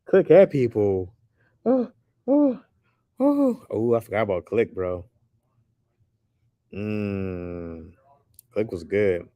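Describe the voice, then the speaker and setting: Casual male streamer, deep voice, dry close sound, animated and loose. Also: no room sound. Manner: loose and animated, says "bro" often. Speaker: streamer chatting with viewers. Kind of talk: casual chat.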